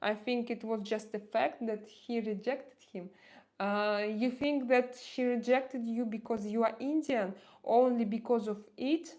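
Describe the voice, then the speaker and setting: A woman's voice: a little high, fairly even intonation, unhurried, mellow. Chatty woman with a strong Russian accent. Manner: hesitant, many fillers and restarts, outspoken. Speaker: live-stream host. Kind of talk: casual live-stream chat reading viewer comments.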